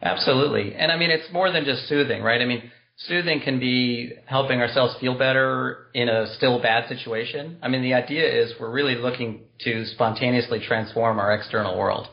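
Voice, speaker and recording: A man's voice: mid-range voice, normal speed, vocal fry, muffled recording. A man being interviewed on a podcast, explaining a compassion practice in an earnest, explanatory way with spiritual wording. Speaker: guest, compassion practice teacher.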